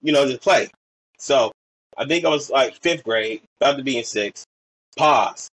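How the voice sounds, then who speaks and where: A man's voice: medium pitch, normal speed, fairly bright tone, husky, rough recording. A young man from Portland, Oregon, a podcast guest telling stories in a rambling way, full of fillers and acted-out quotes. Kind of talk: casual storytelling chat.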